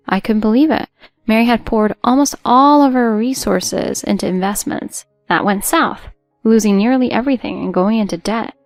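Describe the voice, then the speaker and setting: A woman reading a scripted story in a steady, solemn voice, with a middle pitch. The sound is dry and close, with faint music underneath. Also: creaky, dry recording. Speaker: story narrator. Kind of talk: scripted narration.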